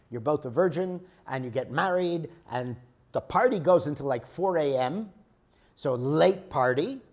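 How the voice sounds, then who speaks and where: A man's voice: fairly high pitch, darkish tone. A man lecturing a group on emotions, explaining with everyday examples and often checking in with "okay?". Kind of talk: spiritual teaching lecture.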